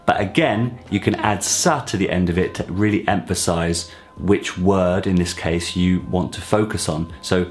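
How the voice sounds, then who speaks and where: A man with a fairly low voice teaches a video language lesson, explaining each point plainly and patiently. He slows down to repeat example phrases for learners. Soft guitar music plays faintly underneath. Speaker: French teacher.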